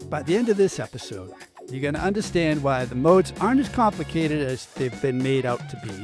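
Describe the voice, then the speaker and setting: Man, guitar teacher, casual lesson, chatty, slightly high voice, soft music behind. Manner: chatty, loose, full of fillers and asides.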